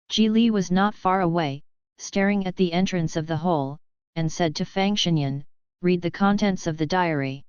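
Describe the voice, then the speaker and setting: A woman reading a novel aloud as an audiobook narrator, in an even, measured way. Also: lowish voice, clear, resonant tone, no room sound, dull audio. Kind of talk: scripted narration.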